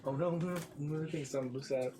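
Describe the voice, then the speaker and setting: A man's voice: fairly high pitch, brisk, noisy background. A man chatting casually at home in a playful, mumbling way. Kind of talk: casual chat.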